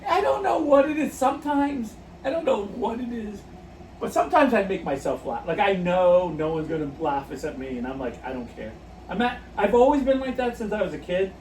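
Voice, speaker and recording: His voice sits high with a darkish tone, animated and brisk, as he co-hosts a podcast and tells stories in casual chat, laughing often. Recording quality: roomy echo, faint noise, and a distant mic.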